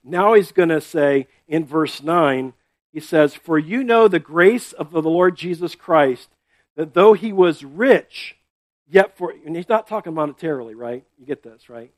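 In a sermon, a pastor with a high voice talks to the congregation like it's a conversation, tossing in quick "right?" and "okay?" checks. He keeps restarting and repeating words as he explains, captured in dry, close audio without room echo.

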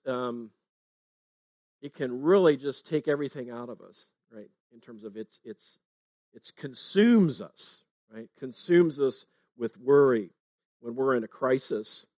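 A man's voice: mid-range voice, no room sound, studio quality. A man preaching a sermon in a conversational way, often checking in with "right?". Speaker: pastor.

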